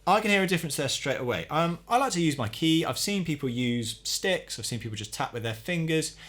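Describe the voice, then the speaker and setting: A man giving a calm, methodical hands-on tutorial, explaining each step as he works on a drum. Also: on the high side, a little fast. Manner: calm, methodical, talks while working. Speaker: drum teacher.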